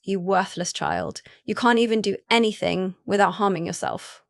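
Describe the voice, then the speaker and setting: A woman's voice: mid-range voice, normal speed, gravelly, no echo, studio quality, lightly acted. A woman reading the lines of a cruel, angry mother in a storybook, with harsh, contemptuous scolding.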